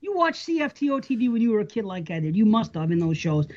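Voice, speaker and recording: A man's voice: sits high, sing-song, quick pace, a little mellow. Rambling American man on lo-fi audio. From United States. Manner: rambling storyteller, chuckles often. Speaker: podcast host. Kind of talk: casual chat.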